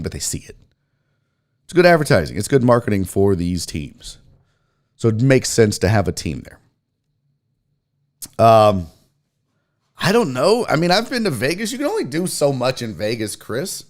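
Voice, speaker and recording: A man's voice: on the low side, big pitch swings, moderate pace, long pauses. A middle-aged man hosting a sports talk show, rambling casually with profanity and self-mockery.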